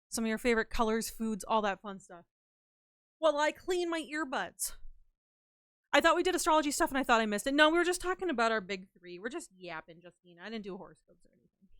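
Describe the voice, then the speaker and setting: A young woman is livestreaming, chatting casually and playfully with her viewers and rambling as she goes. Her voice is a little high and clean, captured at studio quality with no echo.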